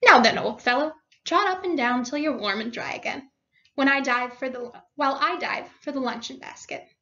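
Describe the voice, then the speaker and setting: Teacher lady doing a cheery storybook water rat, kindly and hearty, highish voice, muffled lo-fi audio. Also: moderate pace, sharp tone. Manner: hearty, reassuring.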